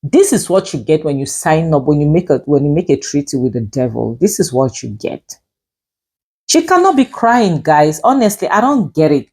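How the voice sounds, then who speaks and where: A woman's voice: low voice, sing-song, moderate pace, darkish tone, breathy edge. A woman reviewing a drama series, emphatic and scolding, with frequent "you know" fillers. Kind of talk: opinionated review commentary.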